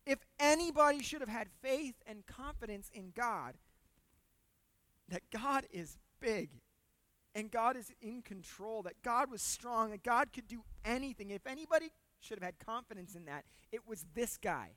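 A pastor giving a conversational sermon with humor, repeating words for emphasis and swinging between loud points and hushed asides. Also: medium pitch, lively intonation, normal speed, no room sound.

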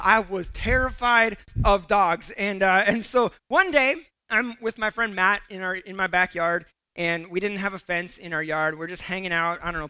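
A man preaching a sermon to his church, animated and telling a personal story, acting out the voices in it. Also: high-pitched, clear, resonant tone, dry recording. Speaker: pastor.

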